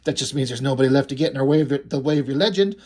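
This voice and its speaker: A man's voice: mid-range voice, very fast, a little mellow, natural voice. A man reading aloud the lines of a wordy, bombastic male pig-creature who acts as a hype man. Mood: boastful. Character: bombastic male pig-creature sidekick and self-styled bard. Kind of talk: reading comic dialogue aloud.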